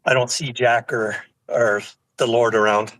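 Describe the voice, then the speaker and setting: Relaxed male caller, mid-range voice, casual chat, hesitant. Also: mid-range voice, measured pace, a little hiss or hum, low-quality recording. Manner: laid-back, hesitant with many fillers.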